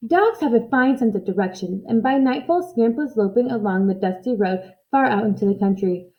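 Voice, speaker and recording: A woman reading a children's book aloud in a lively, expressive storytelling manner. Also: mid-range voice, fairly quick, few pauses, highs cut off.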